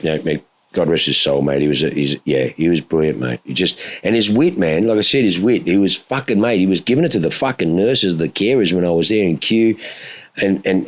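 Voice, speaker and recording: A lower-pitched middle-aged man, co-hosting a casual podcast. He tells stories in an animated way, swears freely and mimics engine noises as he goes. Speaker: podcast co-host.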